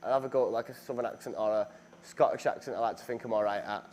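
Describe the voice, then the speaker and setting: Talking very fast with a darkish tone and mid-range voice, a young actor from northern England gives a casual interview. He's chatty and self-deprecating, his sentences full of fillers and false starts.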